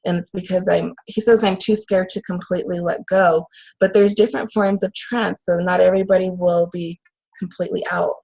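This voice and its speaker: A woman working as a medium, talking in a casual, earnest and halting way with frequent fillers. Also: fairly low pitch, fairly even intonation, gravelly, a little mellow, breathy edge, low-quality recording. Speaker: channeling medium. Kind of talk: casual conversation.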